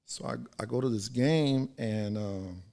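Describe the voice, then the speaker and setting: A man's voice: on the low side, measured pace, dark tone. A man in his forties, a podcast guest, tells a story in a laid-back, slangy way, swearing and checking in with "right?". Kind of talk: casual storytelling.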